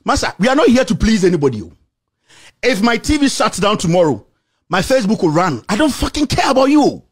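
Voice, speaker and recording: A man with a Ghanaian accent delivering an angry, insulting rant to the camera, repeating himself and shouting. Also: high voice, sing-song, brisk, slightly rough. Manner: shouting, insulting, repetitive tirade. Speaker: political commentator.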